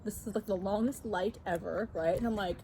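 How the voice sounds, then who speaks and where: A woman in her forties, co-hosting a casual chat and telling a story, lively and quick to jump up in pitch as she acts it out. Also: a little hiss or hum, low-quality recording. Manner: animated, jumps up in pitch when acting out the story. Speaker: co-host.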